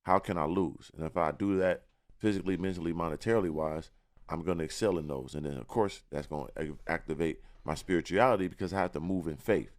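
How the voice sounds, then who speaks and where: Low-pitched and quick, another podcast guest speaks about himself with confidence in a casual interview. He frequently repeats words as he hunts for what comes next.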